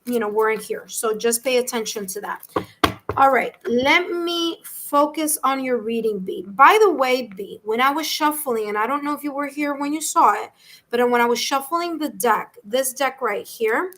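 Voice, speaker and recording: A woman with a New York accent hosts a live-stream tarot reading, chatting warmly and reassuring viewers as she calls each of them by name. Her voice sits high and sounds bright and forceful. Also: lively intonation, normal speed, slight background noise. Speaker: tarot reader.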